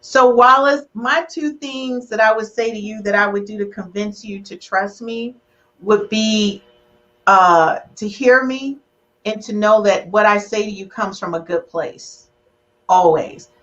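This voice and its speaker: A woman's voice: mid-range voice, measured pace, a bit bright. Playful podcast host woman, dull sound. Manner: playful, teasing, emotional. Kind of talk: live relationship podcast chat.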